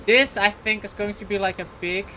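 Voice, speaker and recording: Bright-voiced woman streamer chatting playfully. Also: medium pitch, fairly even intonation, a little fast, slight background noise, low-quality recording. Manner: chatty, playful, heavy use of "like" fillers. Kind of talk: casual live gameplay chat.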